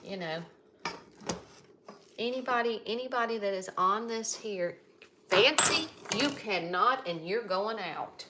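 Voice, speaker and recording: A woman's voice: medium pitch, lively intonation, measured pace, pauses often. A middle-aged woman chatting on a live stream while cooking at home, reading viewer comments and calling them darling. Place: home kitchen. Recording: loud sizzling cooking noise behind. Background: food frying and sizzling on the stove.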